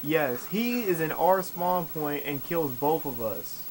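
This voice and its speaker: A young man casually commentating while he plays an online shooter, swearing and complaining with sudden excited outbursts. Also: on the high side, slow. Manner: profane, frustrated, with excited outbursts. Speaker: gamer. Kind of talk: live commentary over gameplay. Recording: noisy capture over game audio. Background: game sounds.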